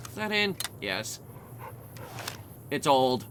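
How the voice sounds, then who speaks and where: A man's voice: fairly high pitch, expressive, measured pace, sharp tone, slight background noise. A young man giving rambling, sarcastic, jokey commentary while he plays a video game. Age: young adult. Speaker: let's play commentator.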